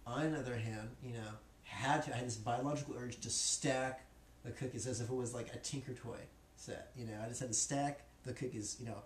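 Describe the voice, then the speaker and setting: A man's voice: mid-range voice, steady tone, fairly quick. A man teaching as a spiritual teacher, joking and casual, in a classroom. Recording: echoey room, faint noise.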